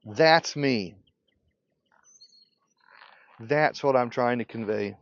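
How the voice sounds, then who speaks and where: A man's voice: mid-range voice, extremely slow, dry recording. An older man, a beekeeping teacher, delivering a passionate unscripted rant. He is blunt and provocative and laughs often. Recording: dull lo-fi recording.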